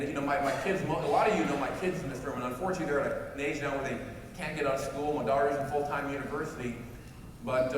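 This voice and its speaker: High-voiced man speaking in an echoey hall. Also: far from the mic, noisy background. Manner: animated, acts out both sides of a phone call, many restarts. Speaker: motivational speaker at a company event. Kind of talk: storytelling speech to a crowd. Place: large event hall.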